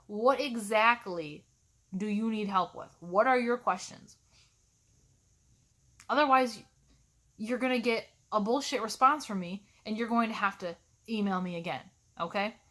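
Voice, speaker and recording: Exasperated woman teacher venting on camera, sharp bright tone, sarcastic edge. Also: medium pitch. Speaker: college instructor. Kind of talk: ranting vlog to camera.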